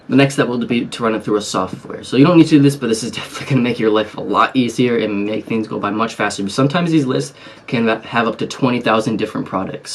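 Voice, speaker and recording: A man's voice: lowish voice, gravelly. A man casually explaining an online selling method to his viewers, rambling with frequent fillers and restarts. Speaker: YouTube business vlogger. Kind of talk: casual tutorial chat.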